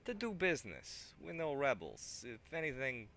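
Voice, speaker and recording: A man's voice: medium pitch, huge pitch swings, normal speed, creaky, a bit bright, a little hiss or hum, pitched above the performer's own voice, exaggerated voice. A man voicing a big, pockmarked male gang leader from a video game, brash and boastful, with a put-on accent that keeps drifting. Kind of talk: reading game dialogue aloud.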